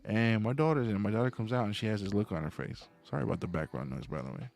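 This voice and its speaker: A man's voice: on the low side, expressive, fast talker, gravelly, a little mellow. A man hosting a late-night livestream, telling a story to his viewers in a meandering way and getting worked up about right and wrong. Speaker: livestream host. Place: home at night.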